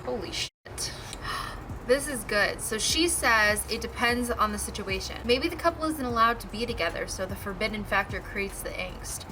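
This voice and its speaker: Chatty, excitable young woman vlogger. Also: mid-range voice, normal speed, few pauses, background noise. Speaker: book vlogger. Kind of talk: casual reading-reaction vlog.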